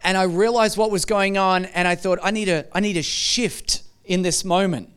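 A middle-aged man delivers a sermon with a high, notably clear and smooth voice. He tells stories in a lively, conversational way, speaking straight to his listeners. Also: normal speed. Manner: storytelling, shifts to a soft hushed voice when recounting a tender moment. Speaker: pastor.

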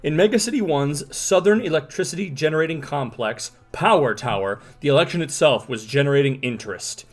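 A man's voice: on the high side, animated, brisk, hardly any pauses, faint music behind. A man co-hosting a casual comic book review podcast, rambling and joking. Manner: rambling, joking, laughs often. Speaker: podcast co-host.

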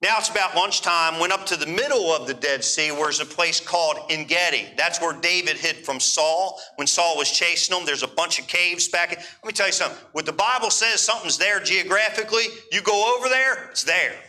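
A pastor telling a travel story in a sermon, animated and checking in with the congregation. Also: male voice, high-pitched, a little fast, few pauses. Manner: animated, asks the crowd for responses. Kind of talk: sermon storytelling to a live audience.

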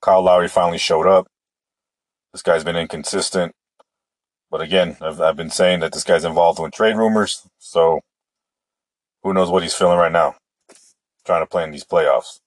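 A man's voice: low voice, fairly even intonation, normal speed, long pauses, dry recording. A man hosting a casual solo sports show, opinionated and rambling, often restarting his sentences. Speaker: sports podcast host.

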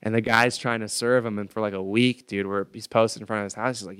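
A young man in his twenties, a podcast guest, telling a story in casual slangy talk, getting loud when he acts out his anger. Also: fairly low pitch, steady tone, quick pace, smooth. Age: 20s.

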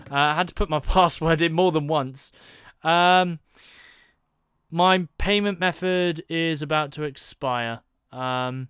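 A British man chatting on his own podcast, rambling and relaxed with plenty of ums. His voice is a little high for a man and very smooth and clear. The sound is dry and close. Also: no room sound. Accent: British English. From Britain. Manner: rambling, conversational, lots of fillers. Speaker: podcast host. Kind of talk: casual solo podcast chat. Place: at home at his computer with his dog.

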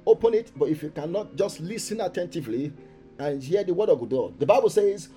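Brief: high-pitched male pastor, fervent sermon delivery, soft asides rising to loud declarations, faint music underneath. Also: expressive, brisk. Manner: emphatic preaching, swinging between soft asides and loud proclamations; repeats key phrases for emphasis. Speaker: pastor leading a morning prayer meeting.

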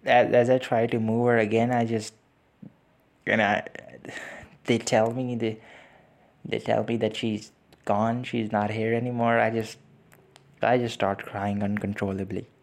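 A young man hosting a podcast, recounting a painful loss in a halting way, with repeated words and sighs, close to tears. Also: fairly low pitch, flat delivery. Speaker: podcast host. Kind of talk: personal reflective storytelling.

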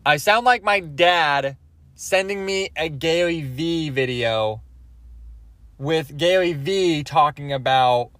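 A young man rambles through a comic monologue in a somewhat high voice. He trips over himself, restarts and keeps tossing in "okay?". The sound is close and dry. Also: slow pace, fairly bright tone, no room sound. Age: 20s. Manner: rambling, self-interrupting, asks "okay?" often. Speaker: podcast host.

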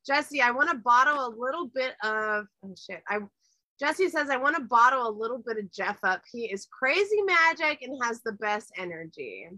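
A woman hosting a casual chat, excitable and swearing freely. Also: fairly high pitch, normal speed, no echo. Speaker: host.

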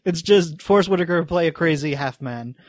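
A man's voice: a little high, a little fast, dry recording, clean studio sound. A man as a podcast guest, playful in casual chat, acting out scenes as he talks. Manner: playful, acts out scenes in funny voices.

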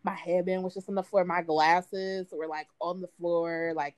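20s woman on a podcast telling a story, animated, laughs a lot, does quotes in a higher voice, dry close mic. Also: moderate pace, clean tone, no room sound. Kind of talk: casual storytelling chat.

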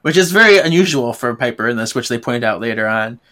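A man's voice: medium pitch, lively intonation, fast, bright, forceful tone. A man co-hosting a casual book discussion podcast, recapping chapters animatedly and slipping into character voices. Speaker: podcast co-host.

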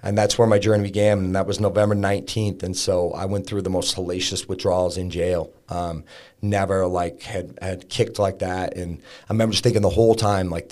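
A man's voice: low voice, fairly even intonation, a little fast, darkish tone. A man telling a raw personal story as a podcast guest, frank and casual, swearing and peppering his talk with fillers. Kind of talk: candid personal storytelling in an interview.

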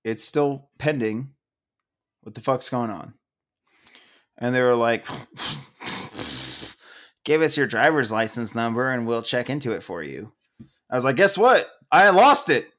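A man co-hosting a casual podcast, ranting loudly and angrily with lots of swearing and laughter. He is a little drunk. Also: mid-range voice, big pitch swings, normal speed. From Oklahoma, USA. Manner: loud, profane, ranting, laughing. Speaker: podcast co-host.

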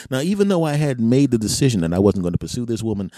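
A man with a very low, dark, husky voice tells a rambling comic story on his podcast, repeating lines for laughs. The close mic is dry, with no room sound. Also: sing-song, fast, few pauses, dry recording. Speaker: podcast host.

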